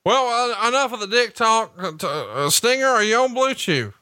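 A man co-hosts a podcast in a high, bright, smooth voice, teasing and cracking profane jokes. The sound is dry and close. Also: expressive, moderate pace, no room sound. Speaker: podcast co-host. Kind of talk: casual podcast chat, mock commentary.

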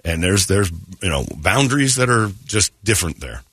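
A man's voice: sits low, big pitch swings, moderate pace, a bit bright, slightly rough, no room sound, clean studio sound. A male radio host telling a raunchy story in casual chat, laughing and acting out other people's voices.

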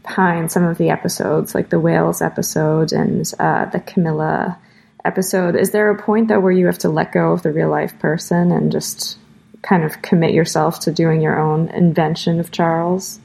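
A woman's voice: low-pitched, level tone, normal speed, gravelly, a little mellow. A woman hosting a podcast, chatting casually and asking the guest long questions. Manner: conversational, asks long questions. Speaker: podcast host and interviewer. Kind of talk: casual chat and interview.

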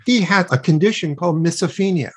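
A man's voice: high voice, quick pace, breathy edge. A man speaking as an interview guest, explaining ideas earnestly with examples and rhetorical questions. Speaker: guest expert on child self-regulation.

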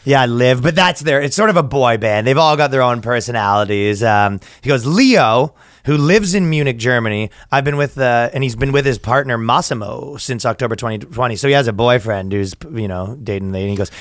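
A man's voice: medium pitch, fairly quick, fairly bright tone, no room sound, clean studio sound. A man co-hosting a comedy podcast, chatting casually and slipping into silly character voices. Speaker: podcast co-host.

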